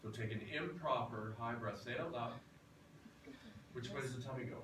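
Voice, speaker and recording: A man teaching a singing class in a relaxed, chatty lecture style. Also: mid-range voice, normal speed. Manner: relaxed, chatty, tells anecdotes. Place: classroom or rehearsal hall. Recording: roomy, from far off, noisy.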